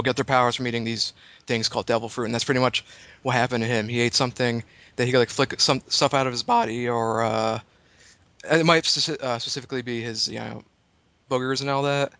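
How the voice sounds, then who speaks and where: A man's voice: mid-range voice, a bit bright, clean tone, dry recording. A man in a casual podcast chat who explains things at length in a rambling, hesitant way.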